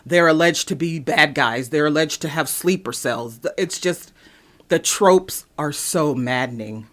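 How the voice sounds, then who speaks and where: A young woman from East Cleveland, Ohio, hosting a podcast and telling personal stories in an animated, emphatic way. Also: unhurried. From East Cleveland, Ohio, USA. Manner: animated storytelling, sharp pitch jumps when emphatic. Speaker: podcast host. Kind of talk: personal commentary monologue.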